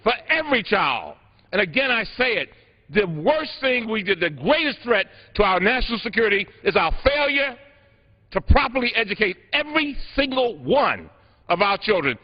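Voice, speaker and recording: A man's voice: sits high, big pitch swings. A man giving an earnest, emphatic floor speech as a congressman. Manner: earnest, emphatic, slows for key phrases. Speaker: congressman speaking in floor debate. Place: large legislative chamber. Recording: dull broadcast sound with long hall reverb.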